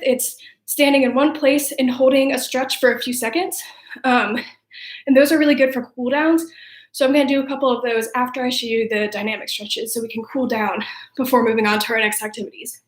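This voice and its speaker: A woman sports coach leading a home workout, upbeat and encouraging, counting reps aloud and out of breath. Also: sits high. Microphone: camera mic at a distance. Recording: echoey room, voice from off-mic.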